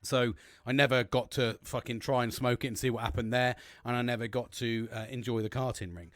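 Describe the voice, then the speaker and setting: A man's voice: mid-range voice, fairly quick, no room sound. A man hosting a podcast, telling a long story casually, rambling and swearing often. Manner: animated, heavy swearing, rambling with restarts. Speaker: podcast host.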